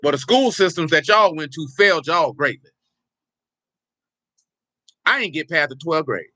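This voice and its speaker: Dude pastor teasing his congregation, kinda high bright voice, dry close sound. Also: animated, normal speed, dry recording. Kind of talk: informal teaching sermon.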